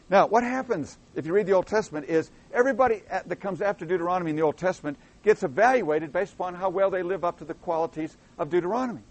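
A man with a notably high voice delivers a sermon. He acts out the lines of prophets and people asking them questions, swelling to loud, forceful emphasis and then falling back to a low, quiet tone. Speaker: preacher.

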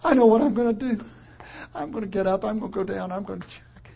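A man voicing a small boy of about four, high and excited, as he tells a story in a sermon. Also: fast, creaky, breathy edge, dull audio, heavily acted. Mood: eager.

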